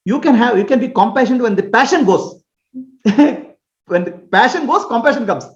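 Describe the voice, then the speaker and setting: Brisk and very high-pitched, a man with lively intonation leads a question-and-answer talk as a spiritual teacher. He explains with everyday, homely examples, checks for understanding and chuckles a lot; the recording sounds roomy, dull and lo-fi.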